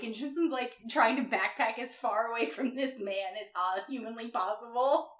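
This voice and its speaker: Bright-voiced woman, echoey and distant. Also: fairly high pitch, normal speed, few pauses. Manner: animated storyteller, swears, laughs often. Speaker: guest recapping a novel. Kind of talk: casual podcast chat. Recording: roomy echo, distant mic.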